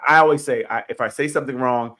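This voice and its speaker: A man co-hosting a casual group talk about relationships, animated and laughing, often repeating himself. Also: mid-range voice, fast. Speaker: podcast co-host.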